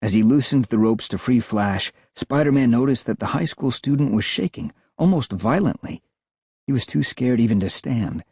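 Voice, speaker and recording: Lively American male audiobook narrator. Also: mid-range voice, moderate pace, breathy edge, no room sound. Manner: lively, expressive storytelling. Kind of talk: scripted narration. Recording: dull, dry studio sound.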